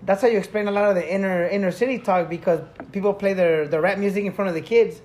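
A man's voice: high voice, fairly even intonation, fast, darkish tone. A man in a casual chat among friends, chiming in with easygoing asides and apologizing for interrupting.

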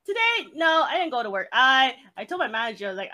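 A woman's voice: high voice, sing-song, quick pace, hardly any pauses, bright, forceful tone, poor audio. A woman co-hosting a podcast, telling a story in casual chat, swearing often and laughing along. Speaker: podcast co-host.

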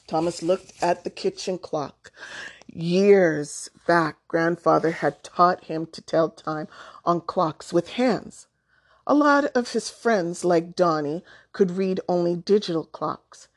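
A woman narrating a children's story aloud in a calm, deliberate way. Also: on the low side.

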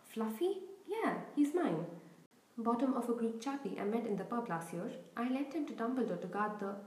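Woman doing a gruff, blustering giant groundskeeper, dark tone, echoey room. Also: fairly high pitch, expressive, normal speed, natural voice. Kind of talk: audiobook reading.

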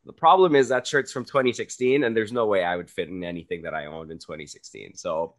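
Man, podcast host, lowish voice, upbeat, casual hype intros. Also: steady tone, quick pace.

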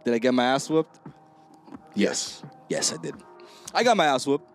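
A man hosting a casual podcast chat, telling loud, laughing stories and acting out the people in them. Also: mid-range voice, moderate pace, faint music behind. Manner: animated storyteller, laughing, acting out voices. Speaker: podcast host.

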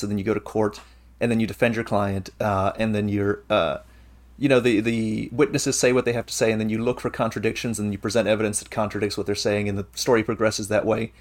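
A man hosting a casual podcast chat, explaining things at length in an eager, rambling way. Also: fairly low pitch. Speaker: podcast host.

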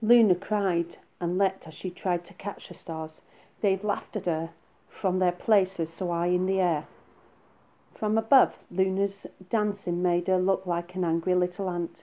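A woman reading a children's story aloud in a soft, unhurried way. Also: fairly low pitch, fairly even intonation. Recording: phone-like narrow sound.

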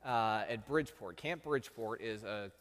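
A man's voice: fairly low pitch, normal speed, a bit bright, big-room sound. A man from Texas, a pastor telling a story in a sermon with self-deprecating humor.

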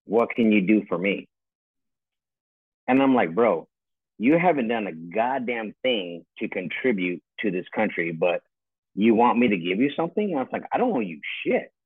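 A man's voice: on the low side, big pitch swings, moderate pace, breathy edge, dry recording. A man in his forties, a retired army first sergeant, ranting bluntly and with plenty of swearing in casual chat over a call from home. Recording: tinny phone-like call line.

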